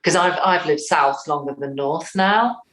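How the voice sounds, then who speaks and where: Animated northern English woman in an echoey room. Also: low voice, measured pace. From North West England. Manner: animated, acts out quotes. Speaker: playwright and actor. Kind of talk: interview.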